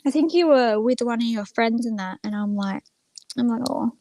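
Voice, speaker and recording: A woman's voice: fairly high pitch, moderate pace, mellow, no echo. A young woman chatting casually on a livestream, rambling and retelling stories with lots of "I'm like.". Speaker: streamer.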